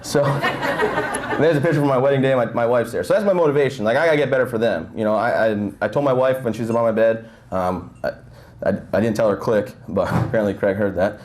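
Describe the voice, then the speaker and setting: Speaking fast in a mid-range voice, a man appears as guest speaker at a breakfast event, giving a motivational talk built on joking, conversational stories packed with fillers. He holds a handheld mic close enough that his nose breathing can be heard.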